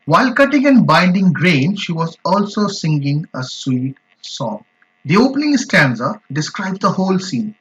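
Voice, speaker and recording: Man teaching slowly and emphatically, lo-fi. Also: on the high side, fairly bright tone. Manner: slow, emphatic explanations with repeated examples. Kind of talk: explaining a poem in an online class. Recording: dull lo-fi recording.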